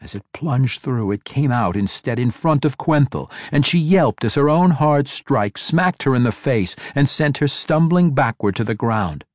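A man narrating a fantasy audiobook with a dramatic, expressive reading. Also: medium pitch, measured pace, few pauses, no room sound, clean studio sound.

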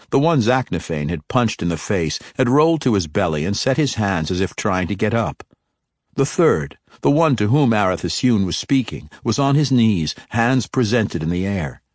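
A man narrating a fantasy audiobook in an even, measured way. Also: lowish voice, dry recording, clean studio sound.

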